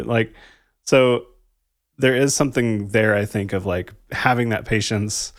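A man's voice: fairly low pitch, steady tone, a little slow, no echo, clean studio sound. A man in his thirties, a podcast co-host, reflecting casually on parenting, thoughtful, saying "like" a lot and laughing lightly. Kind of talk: casual conversation about parenting.

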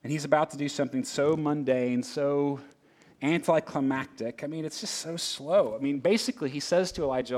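A middle-aged pastor delivering a sermon in a relaxed, conversational manner. His voice sits a little high for a man. He often stops mid-thought to check in with the listeners. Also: brisk. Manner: conversational, with frequent asides and rhetorical questions.

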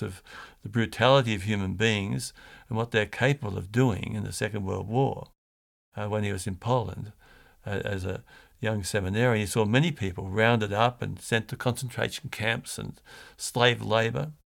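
Male priest, gravelly voice, sermon; storytelling delivery, restarts and fillers. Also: on the low side, moderate pace.

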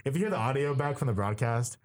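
A young man co-hosting a casual sports chat, telling an excitable, animated story with lots of "like"s. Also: mid-range voice, fast. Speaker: co-host, student radio broadcaster.

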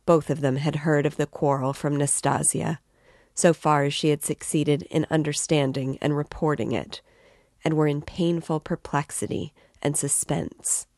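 A woman reading a novel aloud as narrator, in a measured, steady way. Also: deep voice, dry recording, studio quality. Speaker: reader.

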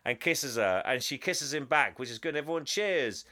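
Bright-voiced man recapping a film. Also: medium pitch, normal speed. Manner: animated, laughing, acts out quotes. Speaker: podcast co-host recapping a film. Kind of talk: casual chat.

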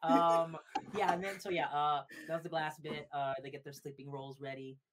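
Animated young man recapping scenes. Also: fairly high pitch, moderate pace, crowd noise. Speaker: podcast co-host. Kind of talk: casual review chat.

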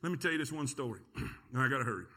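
A man's voice: mid-range voice, racing, husky. A middle-aged man preaching a sermon in a church, telling a folksy story and calling out to the congregation. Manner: animated, folksy, talks to the congregation. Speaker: pastor. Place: church sanctuary.

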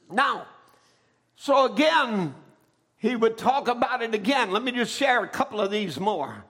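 High-voiced man preaching a shouting sermon. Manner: rising into shouted emphasis, calling for amens.

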